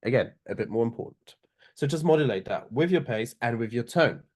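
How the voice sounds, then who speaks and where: A young man giving an online seminar on oral advocacy, talking loosely with many fillers and restarts, and slowing right down to show a point. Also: medium pitch, lively intonation, a little mellow. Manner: loose, filler-heavy delivery, slowing down to demonstrate.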